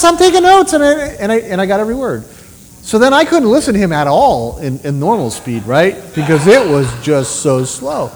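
A man preaching a sermon with personal testimony, telling stories in an animated way and asking rhetorical questions. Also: very high-pitched. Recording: long reverb of a large hall.

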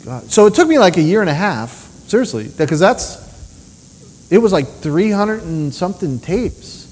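A man preaching a sermon with personal testimony, telling stories in an animated way and asking rhetorical questions. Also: sits high, moderate pace, husky. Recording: long reverb of a large hall.

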